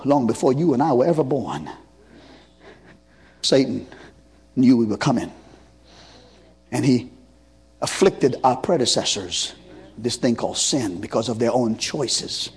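Husky man preaching a rhythmic sermon. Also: fairly high pitch. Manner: rhythmic call-and-response preaching, rising to shouts.

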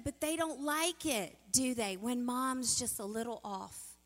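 A middle-aged woman giving a sermon as a guest speaker, telling stories in an animated way and acting out the quotes. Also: fairly high pitch, a little slow. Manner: animated, storytelling, acts out quotes. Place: church sanctuary. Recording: reverberant church hall.

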